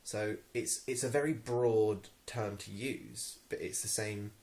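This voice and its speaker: A man's voice: lowish voice, steady tone, takes it slowly, gravelly, a little mellow. Irritated young Englishman ranting. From England. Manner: irritated, rambling with many ums and restarts. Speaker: vlogger. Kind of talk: ranting to camera.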